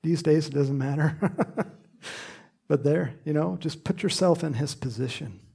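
Gravelly-voiced man preaching a sermon. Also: on the high side, a little slow. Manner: animated, conversational preaching with asides and laughs.

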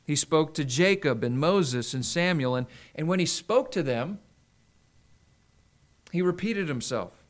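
A middle-aged man preaching a sermon in an earnest way, slowing down for emphasis. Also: on the high side, animated. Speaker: pastor.

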